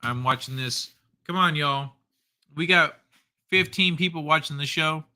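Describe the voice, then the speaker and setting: A man hosting a casual livestream who reads his viewers' comments aloud. He jokes and chuckles as he goes. His voice is very bright and slightly high, and he takes his time with every line. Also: unhurried. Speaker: livestream host.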